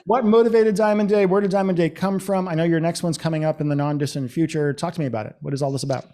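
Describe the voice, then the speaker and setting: A man hosts a casual podcast chat, talking fast in a voice a bit higher than most men's. He is blunt and swears freely, padding his sentences with fillers as he goes. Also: fairly even intonation, mellow. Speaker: podcast host.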